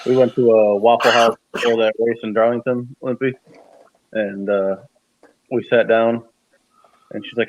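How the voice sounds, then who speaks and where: A man's voice: medium pitch, normal speed, pauses often, dry recording, muffled recording. A man from New York hosting a casual group chat, telling stories and laughing often. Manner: laughs often, animated storytelling. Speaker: host.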